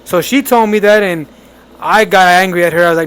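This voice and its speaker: High-voiced young man telling family stories. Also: a little fast, clean tone. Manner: animated, laughs while telling family stories. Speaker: podcast co-host. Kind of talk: casual storytelling chat.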